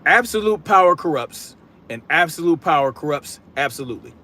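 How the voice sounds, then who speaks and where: A combative man running a political live stream and reading his chat aloud. He talks bluntly in casual slang and projects his voice. His voice sits a little higher than most men's. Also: lively intonation, fairly quick, pushed and bright. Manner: casual slang, repeats catchphrases.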